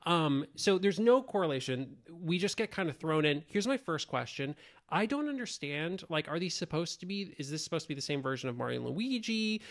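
A man co-hosting a podcast in a casual chat about an old show. He fires off animated, quick questions. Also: a little high. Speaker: podcast co-host.

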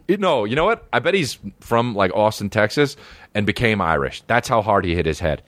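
Male podcast comic, lowish voice, rambling profane riffs, dry close sound. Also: sing-song, brisk, fairly bright tone, dry recording. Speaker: comedian podcast host. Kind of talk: casual comedic monologue.

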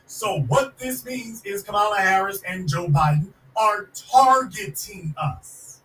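A man's voice: high voice, lively intonation, unhurried, hardly any pauses, a bit bright, roomy sound, recorded from a distance, faint music behind, rough recording. A man hosting a podcast, giving a fiery, sarcastic political commentary monologue and hammering points home by repeating them. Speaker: podcast host.

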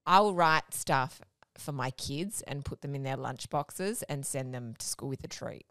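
A middle-aged woman chats in a playful, teasing way and giggles easily. Her voice moves lively up and down. The sound is dry and close to the mic. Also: rumbling low, unhurried, no room sound. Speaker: podcast co-host. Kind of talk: casual comedy chat.

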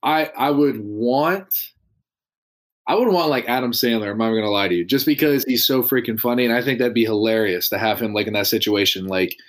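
Man, podcast guest, laid-back, lots of fillers, mid pitch. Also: fairly quick. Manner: relaxed, laughing, trailing fillers. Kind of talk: casual chat.

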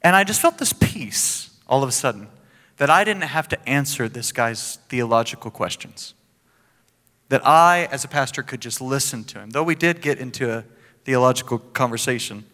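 Bright-voiced pastor in a reverberant hall. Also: male voice, mid-range voice, moderate pace. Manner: animated storytelling with laughs and playful asides. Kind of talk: sermon.

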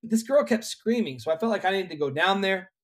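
A young adult man with a slightly higher-than-usual voice tells an earnest, animated story as a worship leader. He speaks conversationally, building each moment with sincere conviction. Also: fast.

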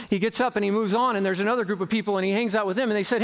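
A man preaching a sermon in a large church, telling a story dramatically and shifting between slow, stressed words and quick bursts. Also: sits high, fairly even intonation. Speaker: pastor.

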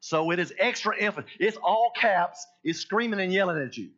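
Male pastor, slightly high-pitched, emphatic sermon delivery, muffled lo-fi recording. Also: expressive, a little fast. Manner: emphatic preaching that swings between hushed and loud.

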